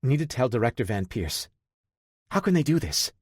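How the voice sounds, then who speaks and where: A man voicing an anxious woman scientist who speaks in a hushed, worried way, in an audiobook. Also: mid-range voice, big pitch swings, a little fast, husky, no room sound, clean studio sound.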